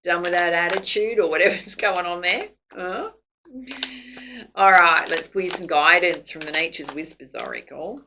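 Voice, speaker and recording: A woman's voice: on the low side, normal speed, creaky, noisy background. A woman doing a casual tarot reading to camera, chatty and laughing often. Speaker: psychic tarot reader.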